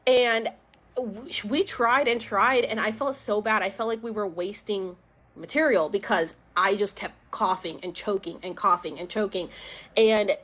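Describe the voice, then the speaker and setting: A woman's voice: mid-range voice, unhurried, fairly bright tone. A young woman casually telling a personal story on a live stream, chatty, with many fillers and acted-out quotes. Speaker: podcast host.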